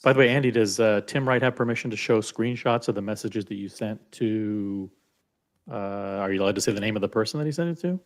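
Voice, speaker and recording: Low-voiced man, wry co-host. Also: brisk. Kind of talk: casual panel chat.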